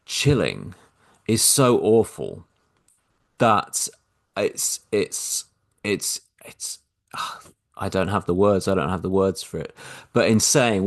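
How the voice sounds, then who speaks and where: A man talks in a very low, deep register. He is a minister recording a personal podcast reflection. His speech is heated but halting, and he keeps restarting his sentences. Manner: impassioned, halting, with many restarts.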